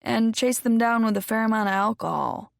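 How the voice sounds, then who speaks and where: A woman voicing a calm, middle-aged male doctor who speaks in a measured, reassuring way. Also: fairly high pitch, creaky, no echo, clean studio sound.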